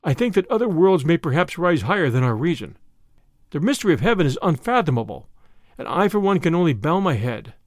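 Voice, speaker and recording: A man doing a daring master thief for an audiobook, swinging from a hushed, solemn priestly hush to loud, jeering triumph. The voice leaps up and down in pitch and stays close and dry. He sneers at his victim with open relish. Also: sing-song, a little fast, no room sound. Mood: quietly menacing. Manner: mocking and triumphant. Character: bold male master thief posing as priest. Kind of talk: audiobook reading of a classic story.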